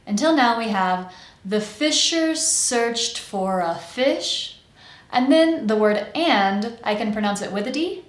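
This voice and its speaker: A woman with an American accent teaching pronunciation, enunciating slowly and stretching out each sound. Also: medium pitch, lively intonation, roomy sound. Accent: General American. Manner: slow, exaggerated enunciation with drawn-out sounds. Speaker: accent coach. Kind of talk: pronunciation lesson.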